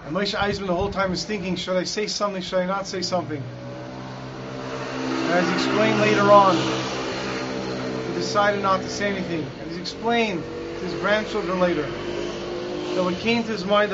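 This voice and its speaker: High-voiced man telling a Torah story. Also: a little hiss or hum. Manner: dramatic storyteller, shouting out quoted lines. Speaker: Torah teacher. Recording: dull lo-fi recording.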